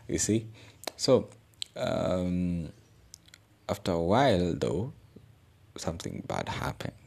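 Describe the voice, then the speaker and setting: Slow, gravelly young man. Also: low voice, sing-song, a little mellow. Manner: earnest, reflective, searching for words. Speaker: podcast host. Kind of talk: casual personal storytelling.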